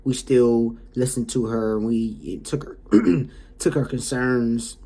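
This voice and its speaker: A man's voice: medium pitch, slow, creaky, slightly rough. A man who runs a home care agency, casually and heatedly telling a story about a client. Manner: animated, heated retelling.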